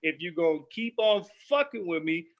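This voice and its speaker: A man's voice: fairly high pitch, lively intonation, moderate pace, lo-fi sound, heavy background noise. A young adult man, a battle rapper guest on a podcast, ranting emphatically in casual, profanity-laced chat.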